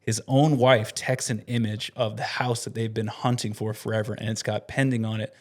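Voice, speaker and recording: A man's voice: on the low side, moderate pace. Man animatedly telling a funny story. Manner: animated, laughs while telling a prank story. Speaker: podcast co-host and company staff member. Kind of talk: casual storytelling chat.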